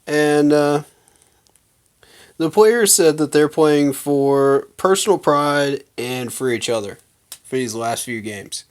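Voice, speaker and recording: Slow and smooth, with a fairly high pitch, a male fan-channel host rants to camera. His casual tirade is heated and emphatic, loaded with slang aimed at his viewers.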